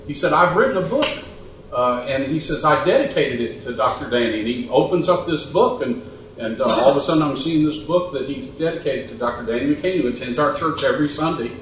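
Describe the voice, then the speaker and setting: A pastor telling a story from far off. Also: male voice, mid-range voice, brisk. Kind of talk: storytelling in a church panel. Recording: echoey room, far from the mic, faint noise.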